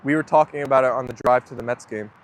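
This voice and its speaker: A man's voice: mid-range voice, quick pace. A young man hosting a livestream, chatting casually and answering viewer comments as they come in. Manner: relaxed, chatty, often agreeing with viewers. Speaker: livestream host.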